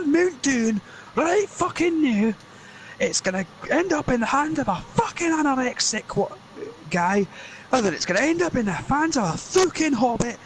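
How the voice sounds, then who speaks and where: A furious Scottish fantasy warrior, as a man puts him on, shouting in a strained, much higher voice than his own. He rants in long drawn-out bursts of swearing, with pitch leaping all over. A faint hum sits behind him. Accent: mock Scottish.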